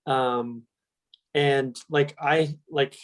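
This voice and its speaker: A young man, a band member guest, speaking in a heartfelt, halting way. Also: mid-range voice, fairly even intonation. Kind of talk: casual interview talk.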